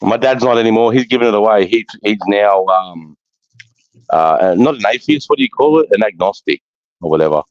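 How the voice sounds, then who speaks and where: A man's voice: fairly low pitch, brisk, darkish tone, no echo. A man in casual chat, rambling through stories with heavy swearing. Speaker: voice chat member. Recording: dull lo-fi dry sound.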